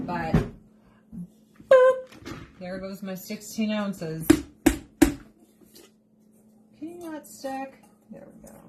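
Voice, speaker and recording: Brief: unhurried, rambling woman host chatting over her cooking at home, steady hiss under the voice. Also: medium pitch. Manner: chatty, rambling, jokey asides. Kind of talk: casual cooking chat. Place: home kitchen. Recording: noticeable background noise.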